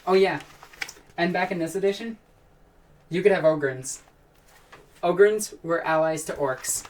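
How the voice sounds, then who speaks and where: A woman's voice: lowish voice, unhurried, darkish tone, recorded from a distance. A woman hosting a casual live stream, chatting and answering questions from chat in a rambling, enthusiastic way, with frequent sighs and restarts.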